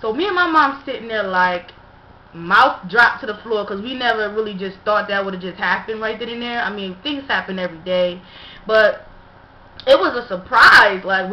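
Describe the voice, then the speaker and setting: A young woman casually telling a story to her viewers, chatty and full of fillers. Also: medium pitch. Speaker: vlogger. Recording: dull echoey room recording with faint hiss.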